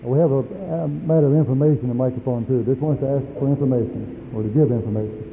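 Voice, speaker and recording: A man's voice: mid-range voice, vocal fry, slight background noise. Man chairing a church assembly, lo-fi. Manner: procedural, measured rulings. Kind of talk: parliamentary chairing. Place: large assembly hall. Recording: dull lo-fi archival recording.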